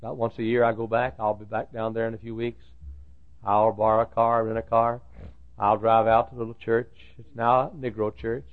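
A man's voice: lowish voice, little pitch movement, brisk. A pastor preaching a sermon, telling stories and repeating phrases as he builds to emphatic peaks. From Dallas, Texas. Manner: storytelling, repetitive, rising to emphatic peaks. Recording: tinny lo-fi old sermon tape.

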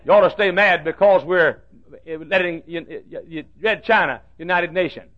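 A man preaching a fiery fundamentalist sermon, swinging from hushed asides to shouted warnings. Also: on the high side, normal speed. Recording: dull lo-fi old recording.

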